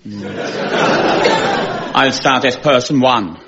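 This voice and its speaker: A man with a German accent, a native German speaker, doing dry deadpan comedy as a panel contestant. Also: medium pitch, drawn-out words, pauses often. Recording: muffled radio, loud audience and noise.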